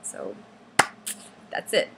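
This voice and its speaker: A young woman, a fan recounting a concert trip, tells a long story very slowly and casually, with background noise behind her. She's chatty, drops "like" into nearly every phrase, and squeals when she acts out other people's lines.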